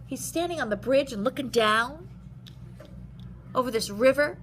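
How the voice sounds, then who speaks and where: A woman art teacher leading a step-by-step drawing lesson for young children, animated and expressive, explaining in simple words. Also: sits high, moderate pace, slight background noise.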